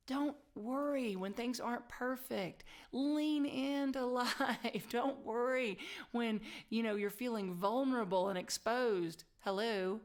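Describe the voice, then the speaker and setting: A woman minister delivering an inspirational sermon, telling a story animatedly and laughing at herself, sometimes dropping to a soft, near-whispered emphasis. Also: on the high side.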